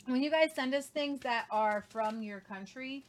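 A woman's voice: high-pitched, unhurried. Rambling woman in casual chat. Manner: rambling, many fillers and restarts. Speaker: co-host.

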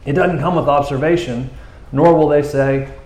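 A man preaching a conversational sermon, reading scripture and breaking into animated, joking asides. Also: fairly high pitch, normal speed, reverberant.

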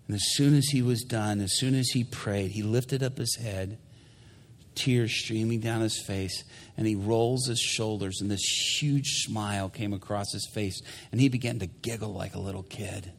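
Gravelly preacher telling a dramatic story. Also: male voice, lowish voice, fairly even intonation, moderate pace, in a large hall. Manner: dramatic, swinging between loud bursts and hushed whispers. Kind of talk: sermon storytelling.

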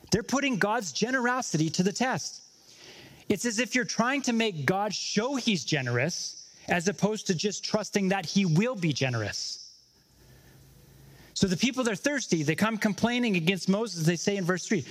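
A man's voice: high-pitched, animated, normal speed. Man preaching a casual, conversational sermon. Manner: conversational preaching, acts out the crowd in casual voices. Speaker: pastor.

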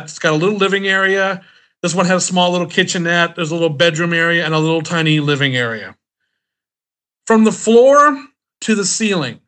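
Bright, high-voiced man telling a story. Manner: animated storyteller acting out dialogue. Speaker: podcast guest storyteller. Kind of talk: casual anecdote telling.

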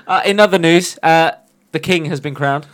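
A man's voice: fairly high pitch, normal speed, fairly bright tone. A man co-hosting a podcast in casual banter, jokey and sweary, laughing often. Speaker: podcast co-host.

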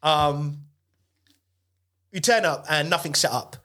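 A young man telling comedy stories in a casual podcast chat, animated and laughing often, with street slang. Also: fairly high pitch, slow pace. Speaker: guest comedian.

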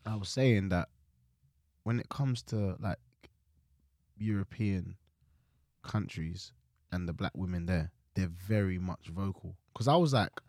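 A young man, chatting on a casual podcast and telling stories in an animated way, with his voice jumping up when he gets excited. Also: low voice, unhurried, long pauses, no echo, studio quality. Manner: animated storytelling, voice jumps up in excitement. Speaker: guest co-host.

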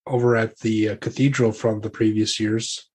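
A man's voice: lowish voice, flat delivery, moderate pace, darkish tone, husky. A man narrating as game master of a tabletop game, loose and rambling with many fillers. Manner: loose and rambling, full of likes and ums.

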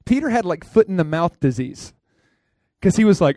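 A male pastor preaching a lively sermon in a conversational way, laughing often and asking the listeners questions. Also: high voice, normal speed, no room sound, clean studio sound. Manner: conversational, asks the crowd questions.

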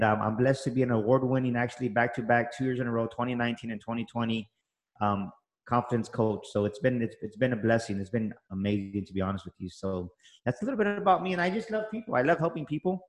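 A man's voice: mid-range voice, a bit bright. A middle-aged man from Texas, a motivational coach, talking enthusiastically as an interview guest, often repeating words as he starts. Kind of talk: energetic interview talk. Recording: roomy echo.

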